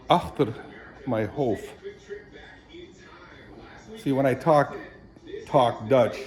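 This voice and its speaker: A man giving a casual, wandering devotional chat to camera, clearing his throat often and tossing in jokey asides. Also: mid-range voice, darkish tone, rough recording. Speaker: vlogger sharing faith reflections.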